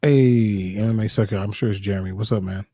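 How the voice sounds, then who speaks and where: A man's voice: on the low side, fairly even intonation, a little fast, mellow, no room sound. A man co-hosting a casual livestream, laid-back and slangy in how he talks. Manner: laid-back, slangy, says dude and bro. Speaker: podcast co-host.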